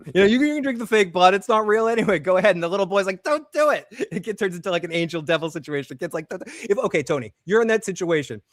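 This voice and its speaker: A man co-hosting a casual TV recap, excitable, laughing often and acting out characters' lines. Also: high-pitched, racing, dry recording, studio quality. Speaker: podcast co-host.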